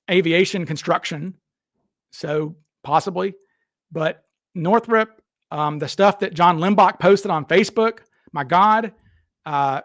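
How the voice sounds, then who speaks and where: A man's voice: high-pitched, a bit bright, dry recording, clean studio sound. A man hosting a casual live stream, rambling and restarting his sentences as he talks to viewers in chat. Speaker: livestream host.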